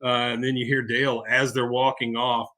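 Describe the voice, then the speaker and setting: A man's voice: medium pitch, level tone, moderate pace, pushed and bright, a little hiss or hum. A man co-hosting a podcast, casually retelling an episode scene by scene with side comments. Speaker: podcast co-host.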